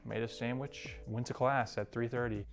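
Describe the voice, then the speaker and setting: A young man, a student, telling his day in a monotone, matter-of-fact way for a comedy interview, with faint music behind. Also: mid-range voice, moderate pace.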